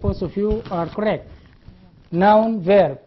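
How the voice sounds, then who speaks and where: A Sudanese university lecturer with a mid-range, breathy voice speaks slowly in a classroom lecture, spelling words out letter by letter. He repeats key terms and demonstrates sounds aloud, captured in a dull lo-fi classroom recording.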